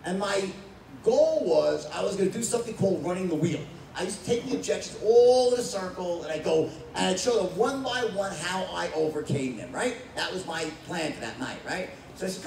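A man running a live sales training, telling stories in a blunt, animated way with frequent "right?" and swearing, at a whiteboard. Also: sits high, fairly quick, vocal fry, background noise. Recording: roomy echo from a distance.

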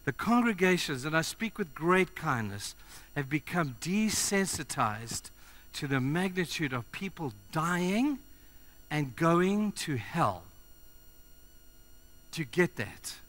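A man preaching a sermon to his congregation, speaking directly to them and moving between loud urgency and quiet earnestness. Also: a little high, very animated, slow pace.

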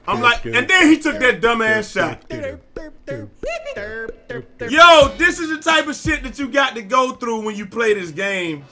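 A young man giving loud, excitable live commentary while playing a basketball video game, often yelling at his teammates. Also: very high-pitched, a little slow, pauses often, music in the background. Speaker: gaming YouTuber.

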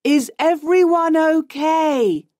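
Calm young sailor man, a woman reading him, slow and plain, lively pitch. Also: dry recording, studio quality.

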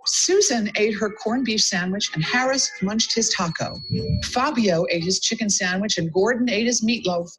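A woman principal reading a picture book aloud to young children, lively and adding little asides as she goes. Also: mid-range voice, moderate pace, faint music behind, low-quality recording. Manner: animated, chiming in with asides. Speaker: school principal.

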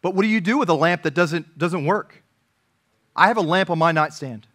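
A man preaching to his congregation in a fairly high voice. His delivery is earnest, building to emphatic, raised moments and then dropping to hushed, personal remarks. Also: normal speed. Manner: earnest preaching, rising to emphatic peaks and dropping to quiet asides. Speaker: pastor. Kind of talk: sermon.

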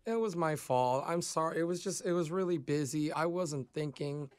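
A man's voice: a little high, normal speed, darkish tone, clear, resonant tone, no echo, lightly acted. A man co-hosting a radio prank call, meek and apologetic as he plays a fired barista. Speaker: radio show co-host. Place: radio studio.

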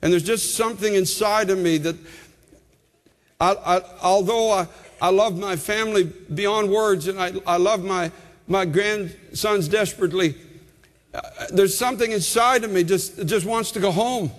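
Older male pastor, high voice, passionate pulpit sermon with long hall reverb. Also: normal speed. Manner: impassioned preaching, rising and urgent, repeating words.

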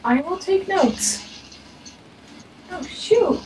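A woman's voice: extremely high pitch, animated, extremely slow, dark tone, recorded from a distance, slight background noise, poor audio. A young woman joining casual gaming commentary as a co-host, swearing and laughing at her own klutziness. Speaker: co-host friend.

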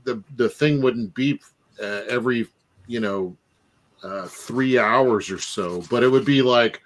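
A man's voice: mid-range voice, takes it slowly. A man chatting casually while drawing on a stream, telling stories and mimicking callers. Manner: animated storyteller, mimics callers. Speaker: co-host artist.

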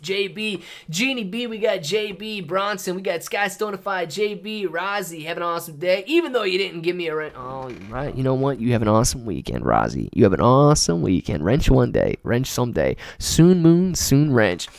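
A man's voice: fairly high pitch, very animated, moderate pace, creaky, few pauses. Young guy doing a live stream, chill and chatty, keeps saying man and dude. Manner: casual, reads chat names and shout-outs, says man and dude a lot. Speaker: livestream host. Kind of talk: live market stream chat.

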